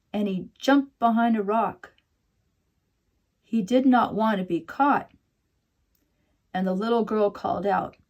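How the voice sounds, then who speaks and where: A woman teaching a children's watercolor painting lesson and telling a story in a gentle, soothing way. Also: a little high. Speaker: art teacher.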